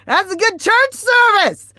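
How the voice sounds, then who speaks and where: Woman, livestream storyteller, profane, animated, drawn-out delivery, dry close sound. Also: very high-pitched, no echo. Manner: animated, profane, swings between loud outbursts and quiet asides.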